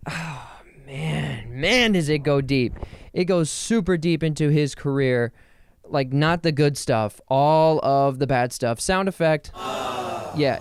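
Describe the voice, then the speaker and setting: A young man hosts his own casual podcast in a rambling, jokey way, stopping to spell words out loud. His voice sits a little high and comes across smooth and clean. The sound is close and dry. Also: dry recording. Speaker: podcast host. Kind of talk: casual solo podcast chat. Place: home in New Jersey.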